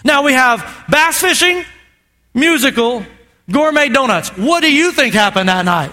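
A man preaching a sermon to a congregation, animated and joking, calling out for amens. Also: extremely high pitch, a little slow, slight background noise. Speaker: pastor. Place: church auditorium with congregation.

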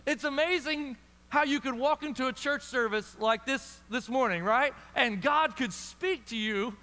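A man's voice: very high voice, measured pace, sharp tone. A man preaching a sermon to a church audience, in a conversational style with frequent restarts. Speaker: pastor. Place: large church hall. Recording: long hall reverb.

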